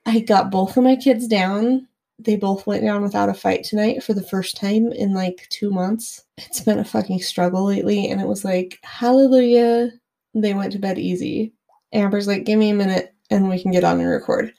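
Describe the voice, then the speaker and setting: A woman's voice: medium pitch, steady tone, normal speed, creaky, warm tone. A woman co-hosting a podcast, casually telling a story and swearing freely. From Utah, US. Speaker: podcast co-host. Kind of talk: casual chat.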